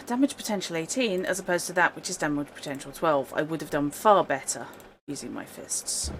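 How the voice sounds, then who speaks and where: A woman's voice: deep voice, moderate pace, background noise. A woman streaming a game and commenting casually, wry and chatty with her chat.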